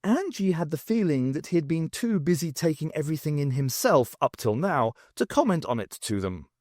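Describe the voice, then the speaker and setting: A man reading a novel aloud, unabridged, with a wry, expressive delivery. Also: on the high side, brisk, no room sound, clean studio sound. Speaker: audiobook reader.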